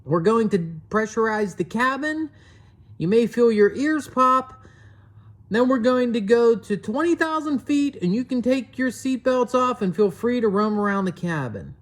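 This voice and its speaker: A flight attendant from a children's storybook making a cabin announcement, voiced by a woman. She speaks loudly and clearly in a formal announcing tone. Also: fairly high pitch, expressive, unhurried, voice pushed up. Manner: loud, announcing tone.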